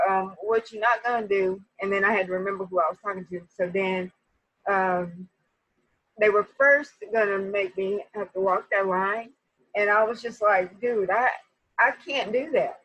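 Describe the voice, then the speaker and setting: A woman telling a personal story to her viewers in a casual, animated way, often speaking to them directly. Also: mid-range voice, moderate pace, slightly rough, no room sound, highs cut off. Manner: animated, talks straight to viewers.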